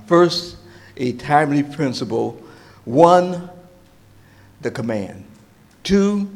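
A male pastor preaching a sermon, emphatic and animated, asking the congregation questions. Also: medium pitch.

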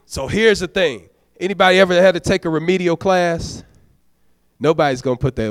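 A man's voice: sits high, moderate pace, smooth, no room sound, clean studio sound. A man, a deacon, preaching a sermon, urging the congregation in a conversational, folksy way and prodding them for amens. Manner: exhorting, prods the congregation for amens.

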